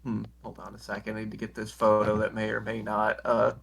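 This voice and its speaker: Podcast co-host, male, gravelly and bright-toned, deadpan profane recap delivery. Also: lowish voice, fairly quick. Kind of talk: casual chat.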